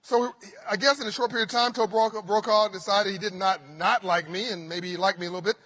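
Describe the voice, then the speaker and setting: A man's voice: high-pitched, fast. A man hosting a forum, telling a humorous anecdote on a conference stage. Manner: animated anecdotal storytelling with humor. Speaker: forum founder and host. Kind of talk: storytelling keynote speech. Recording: reverberant conference hall.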